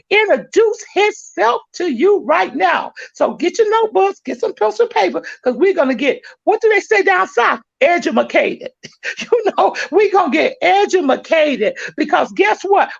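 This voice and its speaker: A woman hosting a podcast, loud and preachy, with an excitable, fiery delivery. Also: very high voice, gravelly. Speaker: podcast host. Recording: dull lo-fi sound.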